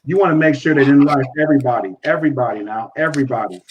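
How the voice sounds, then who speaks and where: A man's voice: mid-range voice, very fast, dull audio, a little hiss or hum. A man speaking earnestly as a podcast guest, repeating phrases for emphasis and acting out conversations.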